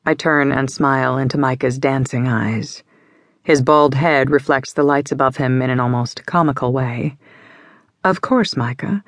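A woman narrating a contemporary romance audiobook in the first person, with measured, intimate storytelling. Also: a bass voice, steady tone, no room sound, clean studio sound.

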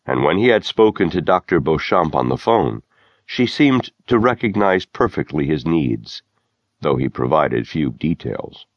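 A man narrating a novel in a measured, steady storytelling manner, recorded close in a studio. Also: low voice, no echo, lo-fi sound. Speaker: audiobook narrator. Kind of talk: scripted narration.

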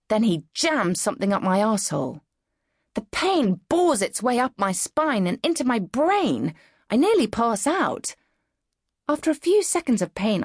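Wry, expressive woman narrating. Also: mid-range voice, unhurried, husky, no room sound, studio quality. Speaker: audiobook narrator. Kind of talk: first-person audiobook narration. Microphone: close studio mic.

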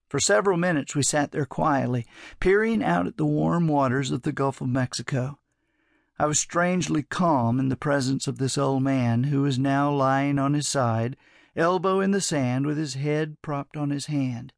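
A man's voice: on the high side, moderate pace, gravelly, no room sound. A man narrating his own book in a plain first-person storytelling manner, recorded in a studio booth. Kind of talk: audiobook narration.

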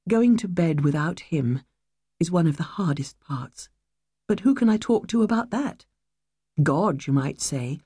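A woman reading a first-person novel aloud, measured and wistful. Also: fairly low pitch, animated, mellow, husky, no echo, clean studio sound. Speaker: audiobook narrator. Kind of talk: first-person audiobook narration.

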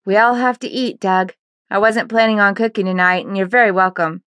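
A woman's voice: mid-range voice, fairly even intonation, fairly quick, a bit bright, no room sound, close to an everyday voice. A woman voicing a tired single mother in her forties, dry and mildly exasperated, in an audiobook. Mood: polite.

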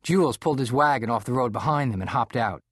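Man reading a kids book aloud, expressive, lively voice, dry studio sound. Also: mid-range voice, no echo. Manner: measured, expressive storytelling. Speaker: audiobook narrator. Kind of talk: scripted narration. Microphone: close studio mic.

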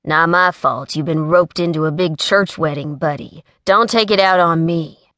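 A woman's voice: deep voice, moderate pace, fairly bright tone, no echo. A woman voicing a laid-back young man who talks in a dry drawl in an audiobook.

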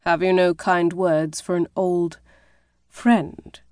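A woman's voice: lowish voice, level tone, slow, a little mellow, no room sound, clean studio sound. Woman doing a smug drawling rich gent, urbane and mocking, in a storybook. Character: confident, mocking wealthy gentleman.

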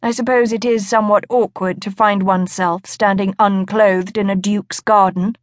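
A woman narrator voicing a poised, curious young noblewoman in an audiobook, in a proper, brisk manner. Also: medium pitch, steady tone, dry recording, studio quality, lightly acted.

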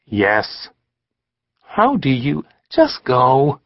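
A man voicing a curious woman who prompts the storyteller for a story, a little higher than his own voice. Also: wildly swooping pitch, drawn-out words, full character voice. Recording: slightly dull studio audiobook recording.

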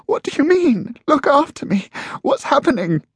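A man doing a shrill panicking mother. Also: huge pitch swings, moderate pace, a bit bright, breathy edge, no echo, clean studio sound, heavily acted. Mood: panicked. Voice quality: tight and high-pitched.

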